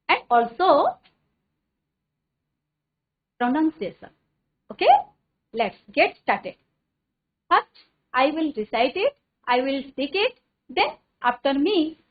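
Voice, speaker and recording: A woman headmistress with an Indian English accent, teaching an online English class in an encouraging way and repeating her phrases. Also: high voice. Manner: encouraging, repeats phrases, recites tongue twisters fast. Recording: narrow phone-like sound.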